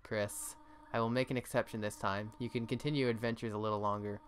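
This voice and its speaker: A man voicing a kindly, fussing motherly goat monster woman from a video game, scolding gently and doting. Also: lowish voice, steady tone, fast, a little hiss or hum, lightly acted. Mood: softening.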